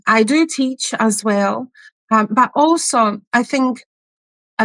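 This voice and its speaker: Slow, hesitant Polish-accented woman. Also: medium pitch, no echo. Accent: Polish with a Scottish tinge. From Poland. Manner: slow, hesitant, many fillers. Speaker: guest, family constellation therapist. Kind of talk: podcast interview.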